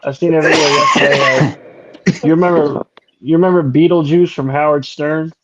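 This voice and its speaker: A middle-aged man co-hosting a podcast, with a voice sitting a little high for a man. He tells profane, laughing stories in a loose, casual way. The sound is dull and lo-fi, like an online call. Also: steady tone, normal speed, a bit bright. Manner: profane, laughing storyteller who mimics others in a high voice. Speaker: podcast co-host. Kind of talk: casual chat.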